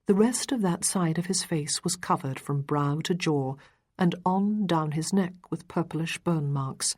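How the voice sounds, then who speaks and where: Woman audiobook narrator, calm, even, low-pitched, husky. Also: unhurried. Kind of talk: scripted narration.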